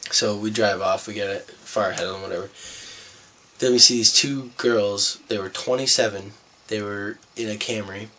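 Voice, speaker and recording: A man's voice: fairly low pitch, fairly even intonation, moderate pace, pushed and bright, slight background noise. A young man from Canada vlogging, telling a rambling, profane story in a laid-back way. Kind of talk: casual storytelling vlog.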